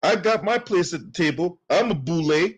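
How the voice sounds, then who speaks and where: A man's voice: sits high, lively intonation, moderate pace, breathy edge. A man delivering heated, profane political commentary with speech patterns, repeating himself as he rants. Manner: heated, profane, repetitive ranting.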